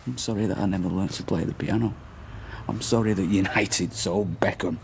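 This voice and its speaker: A man's voice: low voice, fairly quick, vocal fry, slight background noise. A young man playing a heartbroken boyfriend who turns bitter and sarcastic. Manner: sarcastic, mocking. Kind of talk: TV soap drama acting.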